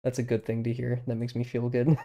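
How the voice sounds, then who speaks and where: A man's voice: medium pitch, completely flat delivery, fairly quick, mellow, a little hiss or hum. A man streaming himself drawing, thinking aloud in a rambling, hesitant way with lots of fillers and small self-deprecating laughs. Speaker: streamer learning to draw.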